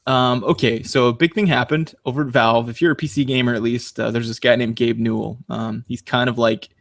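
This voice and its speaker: A man's voice: medium pitch, a little fast, creaky, no echo. Rambling male podcast host, dry sound. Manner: rambling, lots of fillers and restarts; animated storyteller, laughs while talking. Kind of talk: casual chat.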